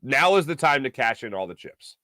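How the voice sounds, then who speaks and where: A man hosting a sports talk show, delivering an opinionated solo monologue with emphatic swings in pitch. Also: big pitch swings, a little fast, bright, forceful tone, no room sound.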